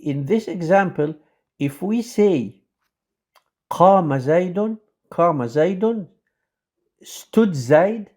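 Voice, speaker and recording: Halting male lecturer with many fillers. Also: a little high, darkish tone. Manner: says example sentences quickly. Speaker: teacher.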